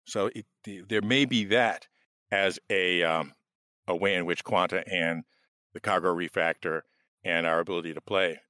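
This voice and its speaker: A man's voice: low-pitched, steady tone, moderate pace, sharp tone, no room sound, studio quality. A man on a casual panel, musing aloud with hesitant, filler-laden speech.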